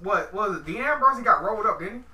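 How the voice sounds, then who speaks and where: A man in a casual wrestling chat, chiming in with quick remarks and laughing asides. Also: sits high, lively intonation, pushed and bright, reverberant, far from the mic, rough recording. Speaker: podcast co-host.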